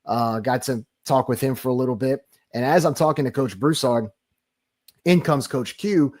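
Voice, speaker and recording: Guy co-hosting a sports show, mid pitch, rambly, keeps restarting his sentences. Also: normal speed, a little mellow. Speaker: podcast co-host. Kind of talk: casual sports talk.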